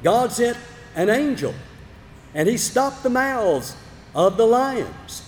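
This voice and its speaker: A man preaching a sermon, telling a Bible story dramatically, moving from loud emphatic bursts to low, quiet asides. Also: big pitch swings, takes it slowly, long pauses. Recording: long hall reverb, faint background noise.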